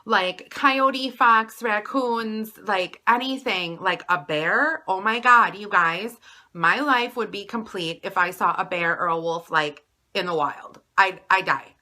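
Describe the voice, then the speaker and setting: Woman, bright voice, rambling chatty delivery, lots of fillers, confessional vlog. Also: medium pitch, slow pace. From Wisconsin, US. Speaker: vlogger. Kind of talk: confessional weight-loss vlog.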